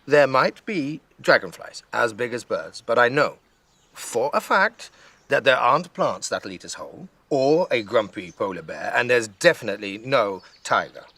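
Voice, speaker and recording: A man's voice: mid-range voice, normal speed, no echo. A man doing a stubborn little girl. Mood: insistent. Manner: flat, matter-of-fact, then insistent.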